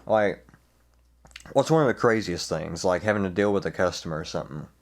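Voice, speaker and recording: A man's voice: sits low, expressive, brisk. Joking man hosting a podcast. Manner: loose, joking, asks questions with many fillers. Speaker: podcast host. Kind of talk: casual podcast chat.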